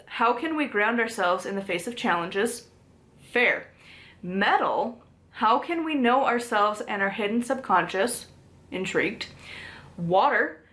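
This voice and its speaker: A woman's voice: medium pitch, fairly bright tone. Woman rambling about books, lots of likes and little laughs, casual. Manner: chatty, frequent "like" fillers, laughs often. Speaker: book reviewer. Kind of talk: casual book haul chat.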